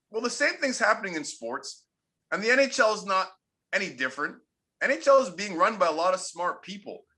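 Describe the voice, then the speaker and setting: A man in his forties with a high, very bright and forceful voice, telling stories with emphasis in an interview. He repeats key points to drive them home. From Canada. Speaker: interview guest, former pro hockey player. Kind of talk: candid interview storytelling.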